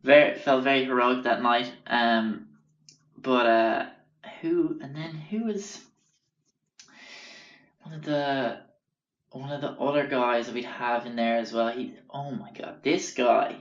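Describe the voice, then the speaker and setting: A man's voice: medium pitch, steady tone, slow, pauses often. Rambling sweary man telling stories. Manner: rambling, sweary, acts out quotes. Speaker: podcast host. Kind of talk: casual storytelling. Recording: roomy, dull lo-fi sound.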